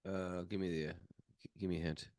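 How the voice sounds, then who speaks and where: A man's voice: low-pitched, level tone, fast, a little mellow, dry recording, studio quality. A man co-hosting a casual talk, reciting Sanskrit verses from memory and making joking asides. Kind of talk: casual chat.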